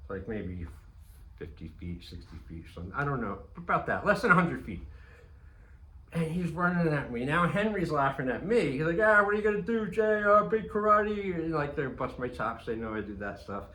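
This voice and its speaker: A man's voice: mid-range voice, expressive, normal speed, fairly bright tone, reverberant, rough recording. A man telling a casual, rambling anecdote, swearing often and restarting his sentences. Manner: rambling, profane, frequent restarts and fillers. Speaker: storyteller.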